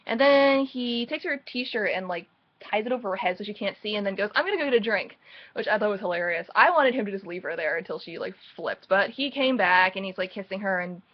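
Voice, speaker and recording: A woman vlogger talks through book chapters in a loose, rambling recap, tossing in snarky, mocking asides as she goes. Her voice sits at an ordinary middle pitch for a woman. The recording is a little muffled and lo-fi. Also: brisk. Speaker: book reviewer. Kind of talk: casual sarcastic chapter recap.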